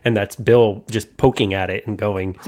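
Lower-voiced man chatting about films. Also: steady tone, normal speed, darkish tone. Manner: chatty, laughs often, acts out quotes. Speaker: podcast co-host. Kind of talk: casual movie discussion.

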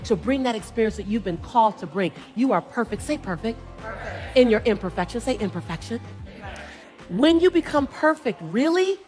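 A woman's voice: mid-range voice, brisk, a little mellow, soft background music. A middle-aged woman giving a live motivational speech on stage, talking emphatically in a rhythmic, repeating cadence and calling for replies from a large audience. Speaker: motivational speaker.

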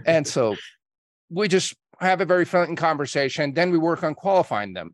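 Dry-voiced man, lively storytelling guest. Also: on the high side, moderate pace, no echo. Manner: energetic storyteller acting out calls in quotes. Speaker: guest, marketing coach. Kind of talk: podcast interview.

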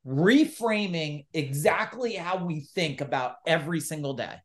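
Middle-aged man, business coach, punchy animated storyteller. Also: on the high side, measured pace. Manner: animated, emphatic, acts out quoted dialogue. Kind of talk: podcast interview storytelling.

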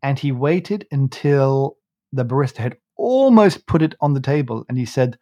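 A man chats on a podcast in a loose, rambling way, with many restarts. His voice is mid-pitched and the close mic sounds dry, with no room behind it. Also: lively intonation, moderate pace, dark tone, dry recording. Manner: rambling, many restarts, laughs while telling. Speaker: podcast host. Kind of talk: casual chat, storytelling.

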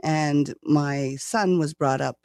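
A woman's voice: low-pitched, slow, a little mellow, no echo. A chatty retired woman from Canada, talking casually with frequent laughter. She often stumbles over the first word of a sentence. The sound is close and dry, with no room around it. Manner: chatty, laughs often, repeats words when starting. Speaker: interview guest. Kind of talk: casual conversation.

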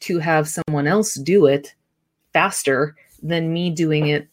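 A woman's voice: low-pitched, slow. A woman hosting a podcast, chatting casually and affirming her guest. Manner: conversational, affirming with short backchannels. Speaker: podcast host.

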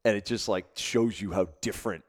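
A man in his thirties in casual chat, telling a story with many halting restarts. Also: on the low side.

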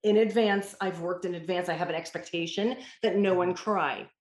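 Woman, parenting mentor, emphatic, lowish voice, echoey room. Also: normal speed. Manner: emphatic, storytelling with quoted dialogue. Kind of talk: interview answers. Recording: roomy echo.

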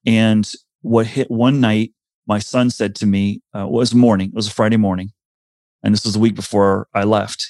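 A man's voice: fairly low pitch, little pitch movement, normal speed, darkish tone, no room sound, studio quality. A man, likely in his forties, telling a personal career story in an earnest, reflective way, often restarting his sentences. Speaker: speaker sharing a career story.

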